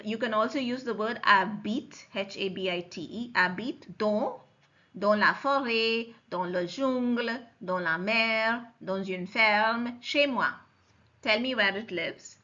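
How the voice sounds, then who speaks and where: A woman lectures as a French teacher, speaking slowly and patiently. She repeats each form and keeps checking that her students follow. Her voice is bright and the recording sounds muffled and lo-fi. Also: on the high side. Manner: slow and explanatory, repeats forms and checks understanding. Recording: dull lo-fi recording.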